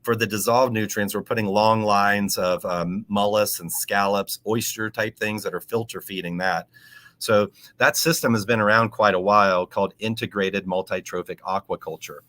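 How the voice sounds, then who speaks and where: Forceful low-voiced man explaining aquaponics. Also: steady tone. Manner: teacherly, spells out terms slowly. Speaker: aquaponics educator and podcast guest. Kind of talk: explanatory interview talk.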